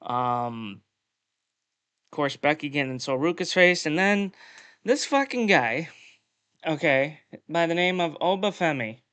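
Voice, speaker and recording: A man recaps wrestling on a podcast in loose, casual chat. His voice sits a little high and comes across smooth and resonant. He is blunt and swears freely, and the sound is close and dry. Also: animated, a little slow, pauses often, a bit bright, no room sound. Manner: profane, blunt, peppered with "uh" and "um". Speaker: podcast co-host.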